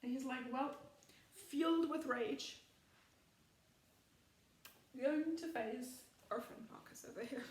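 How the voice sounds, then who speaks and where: A woman's voice: high-pitched, takes it slowly, long pauses, a little mellow, distant mic, slight background noise. A woman in casual spoken commentary who rambles with lots of fillers and laughs often. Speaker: film commentary vlogger. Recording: echoey room, voice off-mic.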